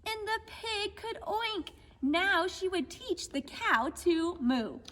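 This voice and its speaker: High-voiced woman teaching kids gently. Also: animated, slow pace, long reverb tail. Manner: gentle, patient, speaks to children as friends. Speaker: children's horse program instructor. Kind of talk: children's lesson and read-aloud.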